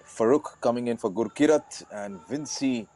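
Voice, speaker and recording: A man co-commentating on a live football match, earnest and a little halting in his phrasing. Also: medium pitch, mellow.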